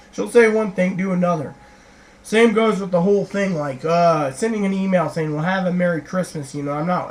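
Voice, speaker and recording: A woman's voice: lowish voice, poor audio. A middle-aged woman vlogging a long, rambling reply to viewer comments, retelling conversations and acting out other people's lines. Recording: faint background hiss.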